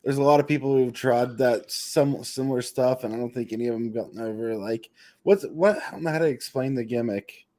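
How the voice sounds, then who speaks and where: A man co-hosting a casual wrestling podcast. He talks in a hesitant way, stopping and starting as he searches for words. His voice sits at an ordinary mid pitch. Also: brisk, dark tone. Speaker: podcast co-host.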